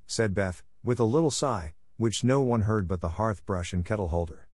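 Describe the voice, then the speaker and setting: A man narrating a classic novel as an audiobook in a measured, even reading. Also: lowish voice, no room sound. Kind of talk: scripted narration.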